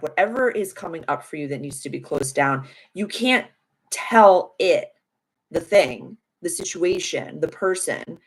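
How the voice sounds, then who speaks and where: On a rough recording, a young adult woman with a deep yet fairly bright voice leads a casual live tarot reading. As the stream's host and reader, she's chatty and affirming, leaning on spiritual language and many "like" fillers.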